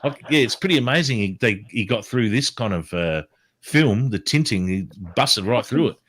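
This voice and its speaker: A man's voice: medium pitch, moderate pace, a little hiss or hum. A man telling a story in casual chat, swearing constantly and acting out what people said. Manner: swears constantly, animated, acts out quotes. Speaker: livestream host.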